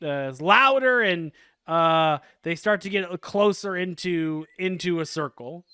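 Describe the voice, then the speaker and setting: A man's voice: sits high, unhurried, sharp tone, clean tone, no room sound, studio quality. A man narrating as game master in a laid-back, chuckling way, with many fillers. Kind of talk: narrating a casual tabletop game.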